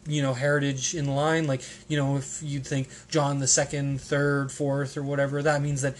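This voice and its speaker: A man's voice: mid-range voice, completely flat delivery, normal speed. A man hosting a casual podcast, rambling and hesitant, with plenty of restarts and ums. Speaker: podcast host.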